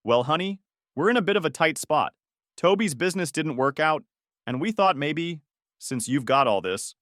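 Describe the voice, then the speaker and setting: A man doing a gushing, manipulative middle-aged mother in a storytime narration, her voice pushed way up high and swooping as she fake-cries and begs. The talk is sugary and put-on, and the sound is close and dry. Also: animated, moderate pace, fairly bright tone, dry recording. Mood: wheedling. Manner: gushing, sugary, then sneering.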